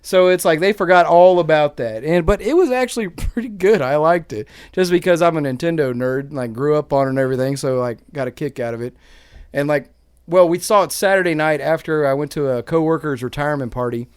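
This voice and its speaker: A man's voice: a little high, fairly quick, clear, resonant tone, no room sound, clean studio sound. A man co-hosting a casual podcast, rambling and correcting himself as he talks. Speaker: podcast co-host. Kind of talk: casual chat.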